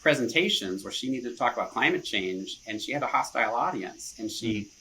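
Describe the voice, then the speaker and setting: A man with a bright, forward voice talks in a relaxed, conversational way. He chuckles easily and fills his thoughts with casual asides. There is a faint hiss of noise under him. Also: mid-range voice, fairly quick, low-quality recording. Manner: easygoing, chuckles often, leans on "you know". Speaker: marketing director, podcast guest. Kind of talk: casual interview chat.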